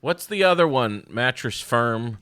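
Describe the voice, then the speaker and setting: A man's voice: medium pitch, unhurried, clean tone, dry recording. A man hosting a podcast, chatting casually and rambling through stories between guests. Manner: rambling, animated storytelling with voices. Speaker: podcast host. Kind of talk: casual chat.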